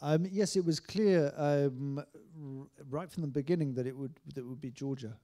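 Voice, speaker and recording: A man's voice: a little high, normal speed, warm tone. A man speaking as a writer-director guest in an onstage panel discussion, hesitant, with frequent restarts and fillers.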